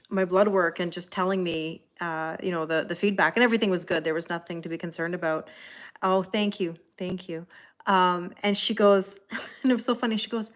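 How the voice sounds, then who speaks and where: A middle-aged woman reading tarot on a livestream, chatting casually, greeting viewers by name and filling pauses with ums and soft laughs. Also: mid-range voice. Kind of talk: live-stream casual chat.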